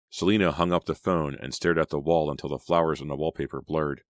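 A man narrating an audiobook in a low, hushed storytelling manner. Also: flat delivery, fast talker, hardly any pauses, dry recording, clean studio sound. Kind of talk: scripted narration.

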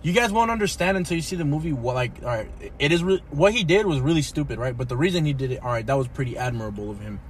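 Excitable young man saying "bro". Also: on the high side, quick pace, few pauses. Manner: excitable and profane, says "bro" a lot. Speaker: podcast co-host. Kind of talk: casual chat. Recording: faint background noise.

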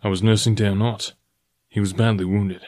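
A man voicing a strong, fierce but tender jungle man in a storybook reading, low and firm. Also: flat delivery, fairly quick, darkish tone, natural voice. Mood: earnest, fierce.

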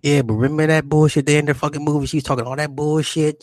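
A man's voice: on the high side, fairly even intonation, very fast, few pauses, darkish tone, dry recording. A man chatting casually on a livestream, rambling and profane, laughing often. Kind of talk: casual chat.

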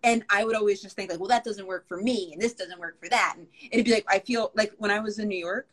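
A woman's voice: mid-range voice, fast, low-quality recording. A woman guest in a casual chat, talking in a chatty, self-mocking way.

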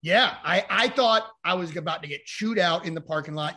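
Male guest, higher-than-average bright voice, candid storyteller who rambles and swears. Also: normal speed. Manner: rambling, frank, swears, acts out quoted dialogue. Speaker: podcast guest.

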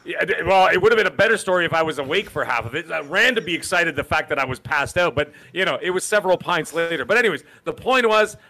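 A man's voice: fairly high pitch, animated, quick pace, hardly any pauses, sharp tone. A man with a Canadian accent co-hosting a casual gaming podcast, telling rambling, jokey stories. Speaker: podcast co-host.

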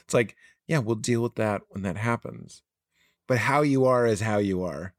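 A man's voice: fairly low pitch, normal speed, no room sound, studio quality. A young adult man, a podcast guest, talking earnestly and animatedly in casual conversation, laughing often.

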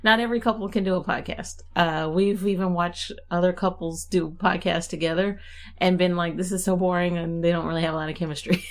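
A young adult woman hosting a casual podcast and doing a tarot reading, chatty and quick to laugh. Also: lowish voice. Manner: chatty, laughs often, relaxed and warm-hearted. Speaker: podcast host and tarot reader.

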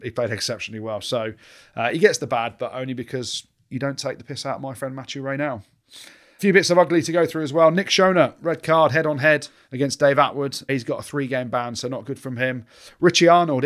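A man co-hosting a rugby podcast, chatting casually in an animated, teasing way. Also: mid-range voice. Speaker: podcast co-host. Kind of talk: casual banter.

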